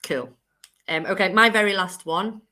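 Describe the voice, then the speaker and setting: A woman hosts a relaxed chat show. Her voice is bright and forceful, and she talks in long rambling runs with frequent laughs. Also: mid-range voice, moderate pace. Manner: chatty, rambling, laughs often. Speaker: co-host.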